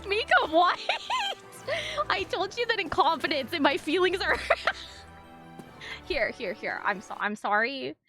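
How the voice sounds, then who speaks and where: A woman's voice: very high voice, very animated, unhurried, pauses often, sharp tone, soft background music. A young woman streaming live, chatting casually with her viewers in a giggly, rambling, apologetic way.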